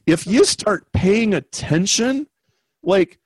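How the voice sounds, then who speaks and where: A man telling an anecdote in a lively, conversational way, acting out the voices of the people in it as a guest explaining marketing. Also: sits high, slow pace, slightly rough, no echo. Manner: animated, acts out quoted voices. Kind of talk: conversational storytelling.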